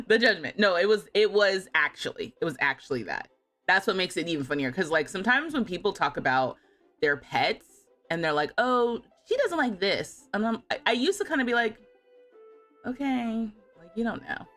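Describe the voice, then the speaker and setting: A woman's voice: lowish voice, big pitch swings, a little fast, pushed and bright, faint music behind. A woman in her thirties chatting casually on a livestream, telling stories with lots of laughter. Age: 30s. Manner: chatty storytelling, often laughing and mimicking her cat. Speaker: streamer.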